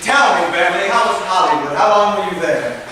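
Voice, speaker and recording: A young actor playing an imperious, acerbic celebrity critic on a live stage, snapping orders sardonically, recorded in an echoey theater. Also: male voice, high-pitched, animated, a little fast, noisy background. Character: imperious acerbic male celebrity critic, wheelchair-bound host. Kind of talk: live amateur stage play. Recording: roomy hall recorded from far off.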